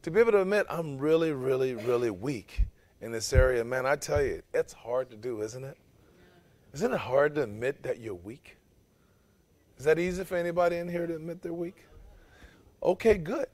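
A man's voice: fairly high pitch, sing-song, fairly quick, pauses often, a little mellow. A man pastor preaching a sermon, emphatic and full of rhetorical questions to the congregation.

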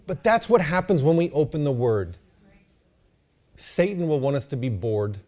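A man preaching a sermon to his church, animated and joking, often asking the crowd for an amen. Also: a little high, moderate pace. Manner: animated, joking, calls for amens. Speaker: pastor.

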